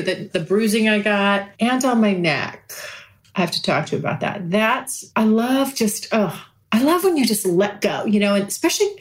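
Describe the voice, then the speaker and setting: Brief: woman, podcast host, casual frank monologue, profane and giggly. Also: medium pitch. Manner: frank, profane, laughing often.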